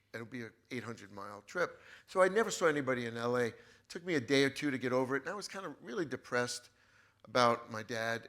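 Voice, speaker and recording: Male guest author, casual storyteller, bright timbre, lively delivery with restarts. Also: mid-range voice. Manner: animated storyteller with frequent restarts. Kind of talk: casual anecdote telling.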